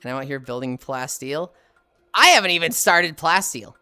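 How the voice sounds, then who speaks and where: A woman streamer chatting casually while she plays, animated and swearing freely, laughing often. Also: deep voice, moderate pace, no echo, studio quality, faint music behind. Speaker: live streamer. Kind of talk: casual chat while gaming.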